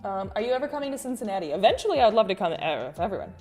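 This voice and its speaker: A woman's voice: mid-range voice, big pitch swings, very fast, a little mellow, faint music behind. A woman hosting a casual art livestream. She rambles with many fillers and restarts, reads viewer chat aloud, and calls people "sweet bean" and "honey.". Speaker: artist and livestream host.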